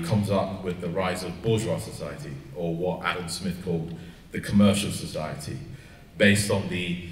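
A man giving a panel talk in a lecture hall, pausing often with fillers and restarts, heard from a distance. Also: deep voice, a little hiss or hum. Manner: hesitant, many fillers and restarts. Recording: echoey hall, heard from afar.

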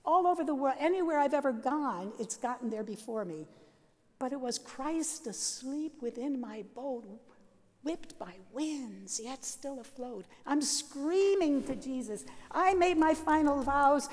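An older Catholic sister telling her life story at a worship service, lively and self-mocking, laughing often. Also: high voice, a little slow, in a large hall. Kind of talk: storytelling talk. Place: large seminary chapel.

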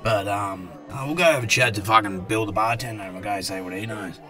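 A man's voice: on the low side, fairly quick, music in the background, lightly acted. A man voicing an easygoing Australian pub regular in a cartoon, swearing in every sentence. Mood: laid-back. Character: laid-back Aussie bloke in high-vis, pub regular. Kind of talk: animated cartoon voice acting.

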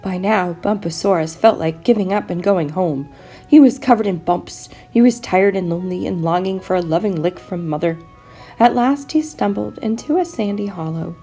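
A woman teacher reading a children's picture book aloud, expressive and animated. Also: mid-range voice, moderate pace, breathy edge, faint music behind.

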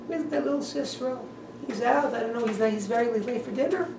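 A man doing a high, wailing mother, fretful and anxious, echoey room, voice heard from a distance. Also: fast, noisy background, lightly acted. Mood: worried. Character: grieving mother of an enemy general, wailing, anxious.

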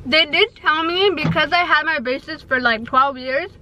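Brief: high-pitched young woman, chatty and nervous vlogger, slight lisp, faint hum behind her. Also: unhurried, bright, forceful tone. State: pregnant. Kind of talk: casual vlog chat.

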